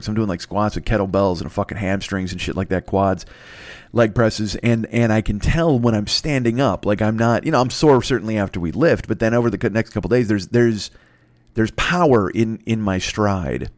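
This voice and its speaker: A podcast host delivers a rambling comic monologue that is profane and self-mocking, often stammering and restarting sentences. His voice is on the low side, and the recording is dry.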